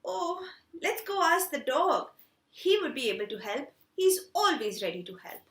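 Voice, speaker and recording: Squeaky, sleepy-grumpy storybook cat, played by a woman; bright, high voice. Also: very animated, moderate pace, echoey room, full character voice. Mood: grumpy, helpful. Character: grumpy cat woken from sleep, then helpful.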